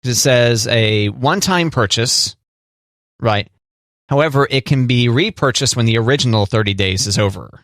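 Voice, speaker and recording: A man's voice: mid-range voice, normal speed, fairly bright tone, no room sound, clean studio sound. A man hosting a podcast in casual chat, explaining things in an easygoing, wry way. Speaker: podcast host.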